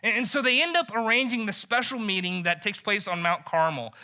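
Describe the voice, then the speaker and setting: High, very bright-voiced preacher man. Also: fairly quick. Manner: animated and joking, heavy use of "like". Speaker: pastor. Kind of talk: casual sermon storytelling.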